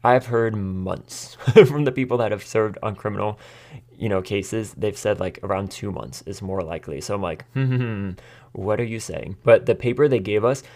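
A man's voice: fairly low pitch, normal speed, darkish tone. An American man hosting his own podcast, telling a story in a chatty, casual way, laughing often and acting out what people said. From United States. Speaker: podcast host.

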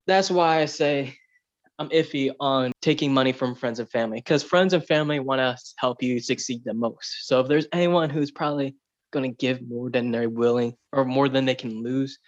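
A man with a mid-range voice chats loosely on a podcast and tells a fable, saying "like" and "you know" a lot. The audio sounds dull.

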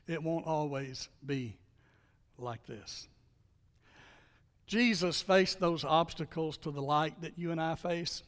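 A man preaching a sermon as pastor, in a conversational way with rhetorical questions, often dropping to quiet emphasis. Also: a little high, slow pace, long pauses, long reverb tail. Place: church sanctuary.

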